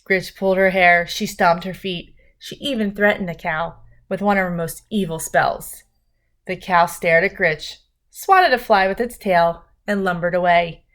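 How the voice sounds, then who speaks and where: Reading a picture book aloud to children, a woman with a fairly low voice gently pauses to talk with her young listeners about the pages.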